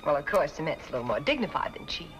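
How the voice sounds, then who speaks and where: An actress in a 1940s film playing a witty young model who speaks in a wry, sharp-tongued way. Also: female voice, deep voice, wildly swooping pitch, rapid-fire, dull audio, over music. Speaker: advertising model.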